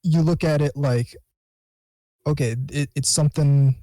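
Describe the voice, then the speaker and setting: A man talking as a guest on a casual podcast, halting and thoughtful, often restarting his sentences. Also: a little high, steady tone, mellow, dry recording, poor audio.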